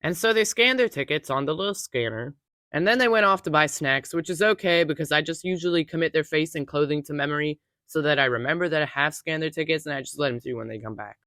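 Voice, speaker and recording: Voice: medium pitch, fast, no room sound. Young storyteller, dry close sound. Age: young adult. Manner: animated, wry storytelling. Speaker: movie theater worker telling stories. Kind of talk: casual storytime narration.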